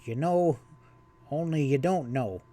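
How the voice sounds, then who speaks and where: A man's voice: a little high, takes it slowly, dark tone. Man doing a fretful pudgy old cowpoke. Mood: sarcastic. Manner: worried, sarcastic. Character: pudgy worried old cowhand partner.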